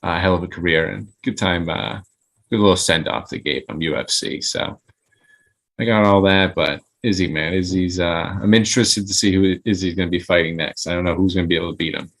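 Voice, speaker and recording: A man's voice: sits low, a little fast, a bit bright. A man co-hosting a casual sports talk show, talking in a laid-back, rambling way and teasing his co-host.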